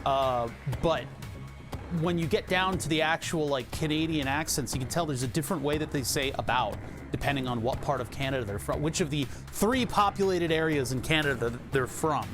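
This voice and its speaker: A man's voice: on the high side, brisk, over music. A man with a Philadelphia accent, streaming live and chatting casually, rambling, laughing often and swearing now and then.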